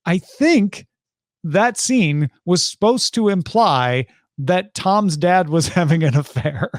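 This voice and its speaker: A man's voice: high-pitched, animated, takes it slowly, no echo, studio quality. A man co-hosting a podcast, chatting casually and animatedly about a TV episode. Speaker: podcast co-host.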